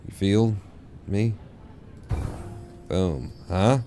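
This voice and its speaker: A man's voice: low-pitched, extremely slow, warm tone, soft background music. A man streaming a game, rambling and swearing casually to himself as he plays. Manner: rambling, profane, mumbling to himself. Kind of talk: casual live-stream gameplay chatter.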